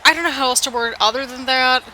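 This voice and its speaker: A woman's voice: high-pitched, quick pace, sharp tone, slight background noise, low-quality recording. A woman casually commenting play-by-play over a video game at home, rambling and poking fun at her own slip-ups. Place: home apartment.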